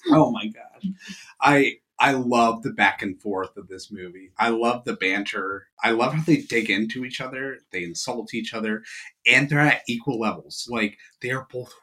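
A man's voice: mid-range voice, animated, moderate pace, pushed and bright. A man co-hosting a casual movie chat, enthusiastic and chatty. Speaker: podcast co-host.

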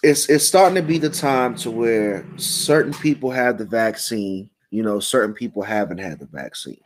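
A man sharing a story on a casual podcast, his voice pitched a little low. He talks in a relaxed, meandering way, filling his sentences with easy fillers. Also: normal speed. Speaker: podcast co-host.

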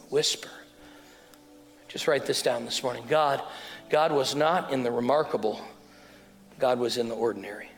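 High-voiced pastor preaching in a hall. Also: male voice, gravelly. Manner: call-and-response, swings from loud to hushed. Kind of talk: sermon. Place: church hall. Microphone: wearing a mic. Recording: sermon in a hall with music.

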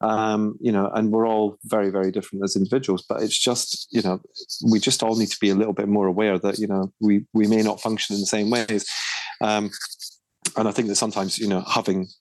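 A man's voice: lowish voice, little pitch movement, fairly quick, a little mellow, dry recording, rough recording. A man co-hosting a podcast, talking casually in a hesitant, teasing way with lots of fillers. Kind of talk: casual chat.

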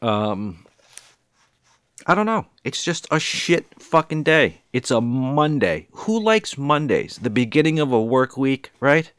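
A man's voice: medium pitch, big pitch swings, takes it slowly, a bit bright, smooth, dry recording. A man in his forties from New England, delivering a heated, profane and rambling monologue. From New England, USA. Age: 40s. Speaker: vlogger.

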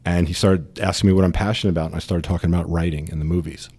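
A man's voice: low-pitched, fairly even intonation, very fast, warm tone, slightly rough. A man in his fifties with a New York accent, a guest telling his story in a chatty way with many fillers. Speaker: distillery founder, guest. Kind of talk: casual interview chat.

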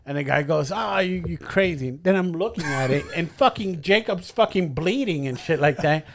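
A man hosting a podcast, telling stories in an animated way and swearing a lot. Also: a little high, normal speed, a little hiss or hum. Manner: profane, animated storytelling. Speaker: podcast host. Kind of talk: casual podcast chat.

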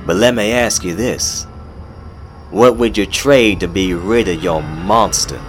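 A man's voice: low voice, measured pace. A man voicing a sly, menacing male monster caretaker with a mock-genteel manner, over background music. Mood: sly menace. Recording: music playing underneath.

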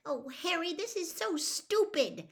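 A woman's voice: extremely high pitch, lively intonation, unhurried, pitched above the performer's own voice, exaggerated voice. Woman doing a bossy, impatient schoolgirl. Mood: exasperated. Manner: impatient, snappish. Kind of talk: audiobook character reading.

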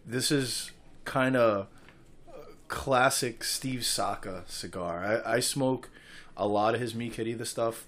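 Man, New England accent, lower voice, unhurried, casual chat.

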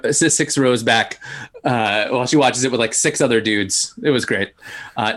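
A man hosting a podcast, telling stories in an animated, laughing way with lots of restarts. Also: medium pitch. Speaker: podcast host. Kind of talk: casual storytelling chat.

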